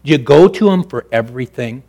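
A male pastor preaching a sermon, swinging between loud, raised preaching and quiet, low, intimate speech. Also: lively intonation, brisk, vocal fry.

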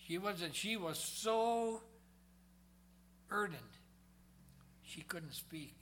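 A male preacher with a high, bright, forceful voice. He delivers a sermon with dramatic swings from loud, pressing emphasis down to hushed low tones. He slows down whenever he reads scripture aloud. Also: expressive.

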